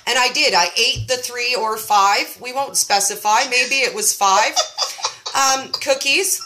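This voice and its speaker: A woman's voice: fairly high pitch, unhurried, sharp tone, slight background noise. A woman in her forties hosting a casual chat, telling stories in a chatty, self-mocking way and saying "like" a lot. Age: 40s. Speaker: host running a keto support group.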